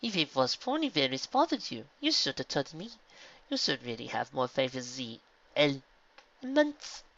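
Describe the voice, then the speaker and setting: A man voicing a mare pony who speaks softly, with a mildly chiding tone. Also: medium pitch, wildly swooping pitch, moderate pace, lo-fi sound, full character voice.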